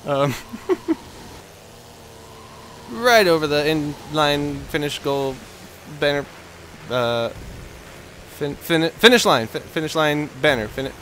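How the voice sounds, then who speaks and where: A man with a Texan accent giving let's play commentary, excitable and yelping at crashes, rambling in self-deprecating asides. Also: on the high side, takes it slowly, pauses often, slight background noise, low-quality recording. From Texas. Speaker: gaming video host.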